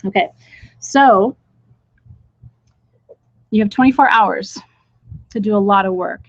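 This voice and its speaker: A woman's voice: mid-range voice, takes it slowly, no room sound. Candid woman teacher on a dull, dry stream. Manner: candid, chatty, blunt, with frank asides. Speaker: spiritual teacher leading a live ritual. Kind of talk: casual live-stream talk. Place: indoors with a small group in the room.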